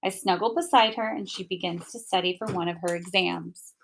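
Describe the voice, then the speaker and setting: A woman reading a children's picture book aloud in an expressive, gentle first-person narration. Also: fairly low pitch, brisk, creaky, noisy background. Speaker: storybook reader.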